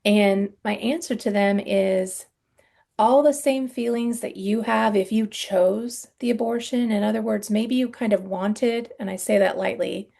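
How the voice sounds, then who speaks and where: A middle-aged woman speaking candidly in a podcast interview, halting and earnest, with frequent ums and soft sighs. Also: medium pitch, creaky. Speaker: guest sharing her story.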